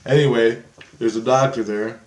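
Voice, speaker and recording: A man's voice: medium pitch, steady tone, normal speed, darkish tone, echoey room. A man telling a rambling first-person story with lots of swearing, agitated and jumping into the voices of people in his tale. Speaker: vlogger recounting astral travel.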